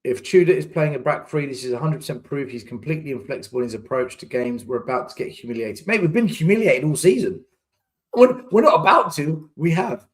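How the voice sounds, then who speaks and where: Exasperated fan ranting, slightly high. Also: male voice, lively intonation, fairly quick. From England. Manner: exasperated ranting, repeats words for emphasis. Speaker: fan channel host reading live chat. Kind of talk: casual live watchalong chat.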